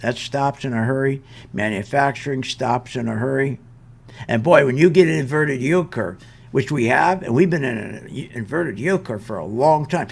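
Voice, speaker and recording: A man's voice: medium pitch, normal speed, vocal fry, slightly rough. An older man hosting an investment show, ranting in an exasperated, emphatic way and hammering his points with repetition. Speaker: show host. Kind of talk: animated market commentary rant.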